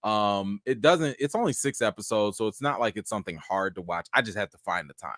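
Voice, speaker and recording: A man hosts a live chat stream from home, his voice leaping up into loud mock indignation and then dropping to a low mumble. He talks in slangy, casual bursts full of restarts. The sound is dry and close to the mic. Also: fairly quick, dry recording. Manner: animated, teasing, swings between loud mock outrage and low mumbling. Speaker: host of a live chat show.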